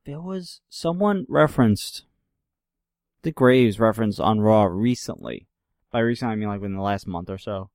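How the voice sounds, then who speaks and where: A man's voice: lowish voice, animated, moderate pace, darkish tone, no room sound, clean studio sound. Offhand male podcast co-host. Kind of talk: casual chat.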